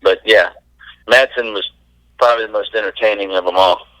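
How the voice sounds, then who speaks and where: A man's voice: fairly low pitch, fairly even intonation, fairly quick, a bit bright, dry recording. Laid-back man on a phone line. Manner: laid-back, laughs while telling stories. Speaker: former baseball pitcher, guest. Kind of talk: casual interview storytelling.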